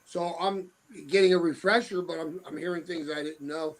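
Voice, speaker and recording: A man's voice: a little high, steady tone, moderate pace, low-quality recording. A middle-aged man telling blunt, tough-talking stories as an interview guest. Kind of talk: casual interview talk.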